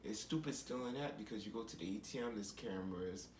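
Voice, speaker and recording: A man's voice: on the low side, fast talker, a little mellow, a little hiss or hum. Rambling, preachy man in a roomy room. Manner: rambling and preachy, with repeated phrases. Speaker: vlogger. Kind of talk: casual commentary monologue. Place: home, seated in a chair.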